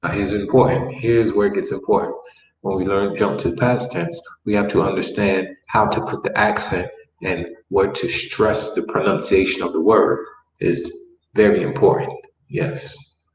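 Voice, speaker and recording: A man's voice: sits low, fairly even intonation, moderate pace. A man teaching a Spanish lesson, patiently repeating words and explaining step by step. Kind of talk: classroom language lesson. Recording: echoey room, mic far off, faint background noise.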